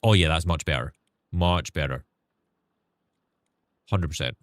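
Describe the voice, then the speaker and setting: A man's voice: very deep voice, unhurried, no echo, clean studio sound. A young man with a toned-down Scottish accent chatting casually on a livestream, thanking viewers and swearing now and then. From Scotland. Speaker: streamer. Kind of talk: casual livestream chat while gaming.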